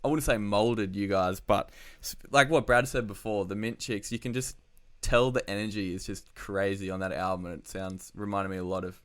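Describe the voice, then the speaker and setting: A man's voice: lowish voice, normal speed, few pauses, a bit bright, clear, resonant tone. A man hosting a casual music podcast, chatting loosely with fillers and swearing. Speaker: podcast host. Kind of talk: casual chat.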